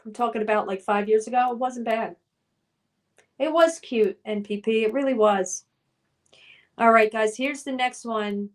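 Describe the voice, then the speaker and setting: A young woman runs a trivia quiz on a live stream, talking slowly and unhurriedly. Her voice sits fairly high. She reads out viewers' names and answers in a chatty, playful, sometimes sing-song way. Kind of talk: casual live-stream chat reading questions.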